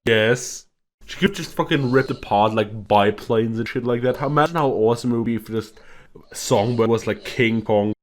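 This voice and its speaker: A man at a middle pitch co-hosts a casual podcast. He rants with an exasperated, profane edge and piles up gripes. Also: moderate pace. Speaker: podcast co-host.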